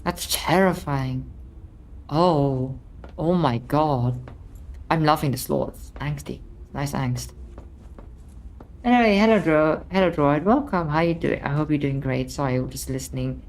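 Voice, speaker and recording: A young woman streaming a game, chatting and reacting excitably to what happens on screen. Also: sits low, a little slow, slight background noise. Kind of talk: live game stream commentary.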